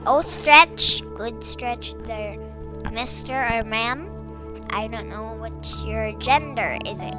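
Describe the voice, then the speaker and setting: A woman's voice: fairly high pitch, takes it slowly. A woman hosting a gaming channel, gushing and exclaiming as she plays a game for the first time. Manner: gushing, exclaiming over cuteness. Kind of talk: first-time gameplay commentary. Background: game music with rain.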